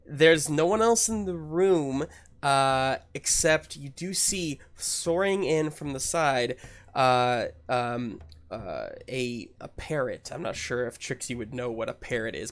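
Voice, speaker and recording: A man narrating a tabletop game as game master, relaxed and rambling with many fillers. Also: mid-range voice, a little slow.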